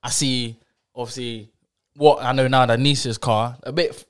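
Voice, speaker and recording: A man's voice: medium pitch, fairly even intonation, normal speed, clean tone. A young man telling a story in a laid-back, laughing way during casual chat. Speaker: podcast co-host.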